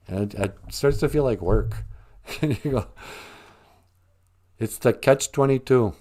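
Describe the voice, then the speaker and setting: A man's voice: mid-range voice, a little slow, long pauses, warm tone. A man hosting a casual livestream from a small room at home, rambling and joking as he muses aloud with a lot of laughing. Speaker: livestream host.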